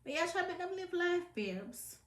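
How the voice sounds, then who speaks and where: A woman's voice: extremely high pitch, level tone, fast, fairly bright tone, roomy sound. A Jamaican woman with a trace of a British accent, giving an emphatic, scolding commentary to camera in patois. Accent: Jamaican, with some British. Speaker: vlogger.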